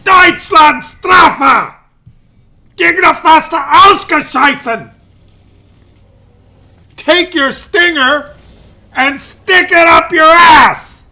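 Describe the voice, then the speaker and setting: A man voicing a stubborn, defiant German tank driver who yells his boasts in a drawn-out way. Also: extremely high pitch, expressive, voice pushed up, heavily acted. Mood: furious.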